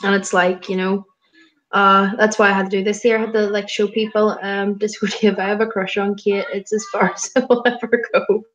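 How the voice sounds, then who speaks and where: A woman interviewing a guest in a casual chat, talking quickly and filling her sentences with "like". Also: medium pitch, little pitch movement. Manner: chatty, quick, full of "like" fillers.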